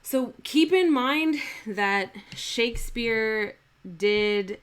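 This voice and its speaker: A woman teaching Shakespeare verse in a live-streamed lesson, explaining in an unhurried way with fillers and restarts. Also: medium pitch, a bit bright. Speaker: acting teacher.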